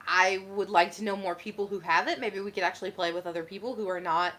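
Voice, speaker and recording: A woman's voice: medium pitch, steady tone, quick pace, fairly bright tone. A woman co-hosting a casual game review chat, dry and laid-back, with a teasing tone. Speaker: co-host of a game review show.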